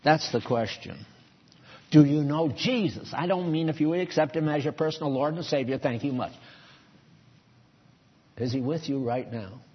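A man's voice: mid-range voice, husky, muffled recording. A man preaching a sermon in a church, folksy and conversational, chuckling at his own asides.

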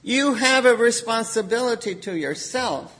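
A man preaching a sermon, animated, acting out quoted voices with sudden outbursts. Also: extremely high pitch, measured pace.

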